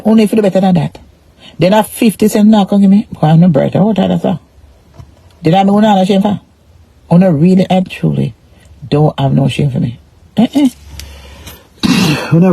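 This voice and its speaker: A woman's voice: fairly low pitch, gravelly, warm tone, husky, no echo. A Jamaican woman on a casual live stream, rambling in a repetitive, emphatic way about money, shame and her pain. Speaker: social media personality.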